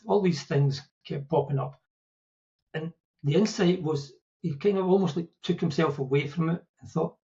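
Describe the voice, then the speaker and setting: A man's voice: fairly high pitch, fairly even intonation, moderate pace, dark tone, dull audio. A man with a Scottish accent, explaining ideas in a conversational, storytelling way with quips and asides. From Scotland. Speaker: podcast guest explaining Buddhist ideas. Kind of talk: casual explanatory talk.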